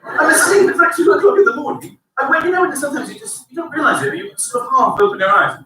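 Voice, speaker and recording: A man performs stand-up, his high voice leaping about as he acts out characters and shouts punchlines. He sounds distant in a very echoey space, with loud audience noise behind him. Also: sing-song, fast, crowd noise. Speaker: stand-up comedian. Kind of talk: stand-up routine. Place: stage before a live audience.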